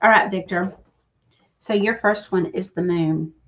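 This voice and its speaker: A woman's voice: on the low side, measured pace. A woman giving readings on a live show, confiding and emotional, chatting with viewers and laughing easily. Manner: emotional, confiding, says y'all, breaks into laughs. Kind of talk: live stream talk with viewers. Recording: slightly dull, lo-fi stream audio.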